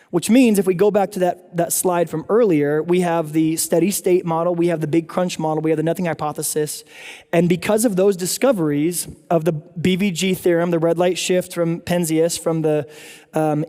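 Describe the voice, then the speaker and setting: A man's voice: fairly high pitch, warm tone. A man giving an informal lecture with slides at a church apologetics forum, chatty, with joking asides. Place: church hall. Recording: echoey hall.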